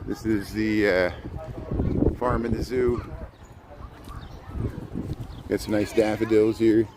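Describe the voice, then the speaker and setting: Male vlogger walking outdoors, easygoing and chatty, with clear outdoor ambience behind. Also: fairly low pitch, fairly even intonation, slow pace. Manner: chatty, jokey, talks to the animals. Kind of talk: casual walking vlog. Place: outdoor farm area at a city zoo. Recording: outdoor street noise. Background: outdoor ambience, birds, passing vehicles.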